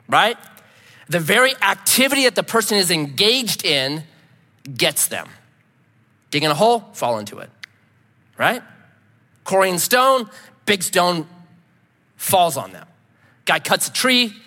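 Male preacher, animated storyteller, bright, sharp tone in a reverberant hall. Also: high voice. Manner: animated storytelling, acts out his own shouts. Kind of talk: sermon with a story.

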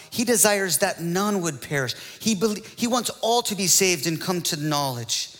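A male pastor preaching a sermon, building to excited rhetorical questions and calls to the congregation. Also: a little high, big-room sound.

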